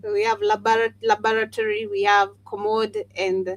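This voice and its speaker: A woman's voice: medium pitch, flat delivery, normal speed. A woman from Kenya, co-hosting a casual talk show and reading viewer comments aloud. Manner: reads chat comments aloud, laughs often. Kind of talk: casual podcast banter.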